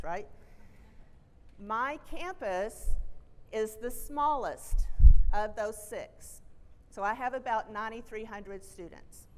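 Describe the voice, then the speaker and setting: A middle-aged woman with a Texan accent, a college president giving a friendly, chatty conference keynote at a stage microphone. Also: fairly high pitch. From Texas. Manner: friendly, chatty, self-deprecating asides. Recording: reverberant auditorium.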